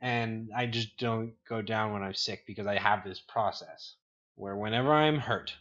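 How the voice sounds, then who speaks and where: A man's voice: on the low side, moderate pace, a bit bright, dull audio. A young man and podcast co-host telling rambling stories in casual chat. He swears freely and laughs often.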